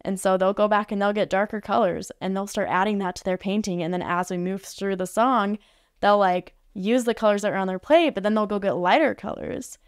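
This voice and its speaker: A woman's voice: medium pitch, fairly even intonation, brisk, clean tone, dry recording, studio quality. A woman guest on a podcast, telling a story casually and chattily, with lots of "like" fillers. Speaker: podcast guest, art facilitator. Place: podcast studio.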